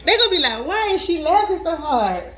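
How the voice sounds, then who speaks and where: A woman's voice: extremely high pitch, sing-song, brisk, a bit bright, reverberant, a little hiss or hum. A woman hosting a casual home vlog, chatting and teasing playfully with frequent laughter. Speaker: vlog host.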